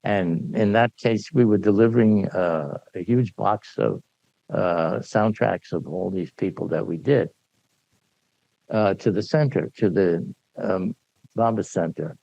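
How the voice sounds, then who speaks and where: An older man sharing memories with an audience in animated anecdotal storytelling, often laughing and acting out the dialogue. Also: low voice, unhurried, vocal fry, no room sound. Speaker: speaker sharing memories at a gathering. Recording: dull, dry lo-fi recording.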